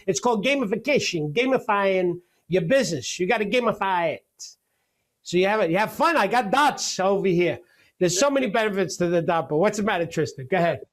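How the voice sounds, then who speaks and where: High-voiced energetic male real estate coach. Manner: energetic, joking, rapid-fire. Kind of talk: webinar teaching.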